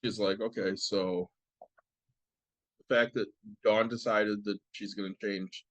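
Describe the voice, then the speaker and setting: A man co-hosting a casual podcast who talks things through in a calm, reflective, matter-of-fact way. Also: lowish voice, measured pace, no echo. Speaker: podcast co-host. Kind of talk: casual chat. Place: podcast studio.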